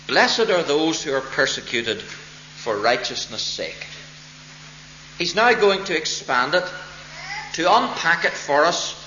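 A man preaching a sermon as pastor, expounding a text deliberately and stressing key words with emphatic rises. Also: fairly high pitch, sharp tone, a little hiss or hum. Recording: roomy, dull lo-fi church recording.

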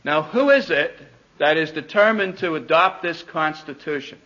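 High bright-voiced man teaching church. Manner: deliberate, repeats words, questions the audience. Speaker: pastor teaching a church class. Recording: dull lo-fi recording.

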